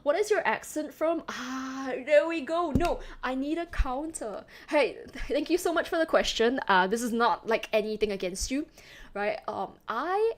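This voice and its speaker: Young woman, Singapore, mixed slightly British accent, streamer chatting with her chat, rambling, fairly high voice. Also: lively intonation, normal speed. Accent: mixed Singaporean, a little British. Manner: chatty, rambling, self-described yapper. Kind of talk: casual chat reading live chat.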